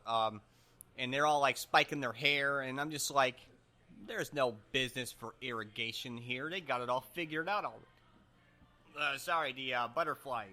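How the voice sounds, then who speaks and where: A man's voice: medium pitch, pushed and bright, natural voice. A man playing a rambling, self-important humanitarian guest who stumbles over his words in an improvised comedy podcast bit.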